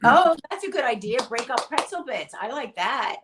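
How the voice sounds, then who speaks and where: A woman's voice: a little high, very animated, normal speed, noisy background. Chatty woman baking in a kitchen. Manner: chatty, practical, rambling. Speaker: co-host. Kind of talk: casual chat while baking. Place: home kitchen.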